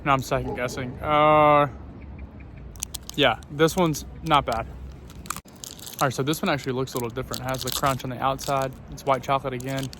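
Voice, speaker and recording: A travel vlogger walks city streets talking casually to camera, chatty but hesitant, full of ums and self-corrections. His medium-pitched, fairly bright voice stays level, runs a little fast, and pauses often, with faint street and traffic noise behind him.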